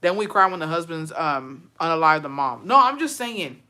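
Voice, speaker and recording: A woman's voice: sits low, very animated, pushed and bright. A woman giving heated, profane reaction commentary, ranting with outrage. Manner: profane, outraged, fast-shifting rant.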